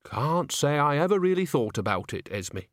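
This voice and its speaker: A folksy, chatty old witch woman, put on by a man reading aloud, cheerful and earthy. Her voice rises a little above his own, with a lively lilt and a dry sound. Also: fairly high pitch, normal speed, no room sound.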